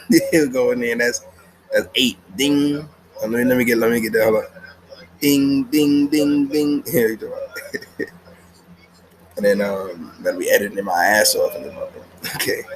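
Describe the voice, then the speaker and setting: A man's voice: mid-range voice, moderate pace, pauses often, noisy background. A man reviewing an anime episode in a casual, slangy, rambling way, laughing often, recorded at home with the TV on.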